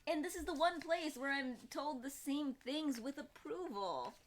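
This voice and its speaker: Young woman, live streamer, casual rambling chat, fairly high voice, expressive. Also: measured pace, a little hiss or hum. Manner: chatty, rambling and expressive, with laughs and quoted voices.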